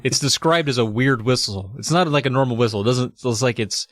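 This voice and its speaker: A man's voice: medium pitch, a little fast, a bit bright, a little hiss or hum. A man co-hosting a comedic podcast, retelling a story in an irreverent, profane, laughing way. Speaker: podcast co-host. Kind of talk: casual comedic book recap.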